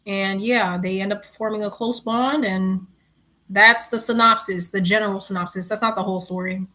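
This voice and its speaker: A young woman from New York with a New York accent, chatting casually and retelling a story in slangy, animated talk with frequent laughs. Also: mid-range voice, moderate pace. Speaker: streamer. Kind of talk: casual chat.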